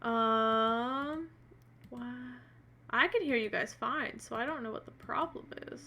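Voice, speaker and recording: A woman's voice: fairly high pitch, takes it slowly, bright, forceful tone, slight background noise. A woman narrating a tabletop role-playing game as game master on a live stream, hesitant and full of fillers.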